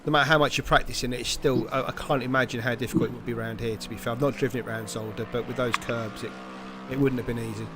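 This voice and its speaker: A man's voice: mid-range voice, steady tone, fast talker, background noise. A man hosting live sim racing commentary, teasing and banterous. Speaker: race commentator and host.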